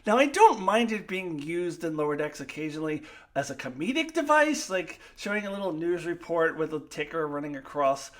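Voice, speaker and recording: A woman's voice: low-pitched, animated, brisk, few pauses. Opinionated woman reviewing a show. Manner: opinionated, emphatic, gets loud when annoyed; frequent fillers and restarts. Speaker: TV episode reviewer. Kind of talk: solo video review.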